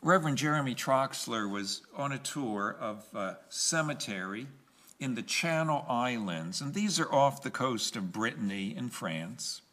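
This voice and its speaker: A man preaches from the pulpit at an unhurried pace, leaning on repeated phrases and letting pauses sit. His voice sits at an ordinary middle pitch. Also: lively intonation, a bit bright. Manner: slow, emphatic preaching with pauses and repetition. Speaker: pastor. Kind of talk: sermon.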